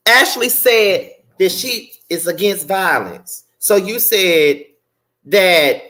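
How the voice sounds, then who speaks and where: A woman giving a blunt, sassy live recap, swearing freely and breaking into sharp outbursts. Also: animated, slow. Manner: rants with sudden high-pitched outbursts. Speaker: live-stream show reviewer. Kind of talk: unscripted live recap commentary.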